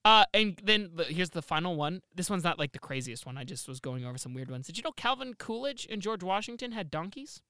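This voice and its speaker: A man hosting a comedy podcast, telling trivia with quick, energetic delivery. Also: high voice, smooth, dry recording. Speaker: podcast host. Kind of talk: casual comedy chat.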